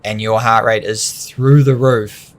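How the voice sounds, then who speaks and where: A man with a lowish voice talks through training ideas on a podcast. He explains in long, loose, animated runs and often laughs mid-thought. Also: measured pace. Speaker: podcast co-host. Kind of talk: casual coaching chat.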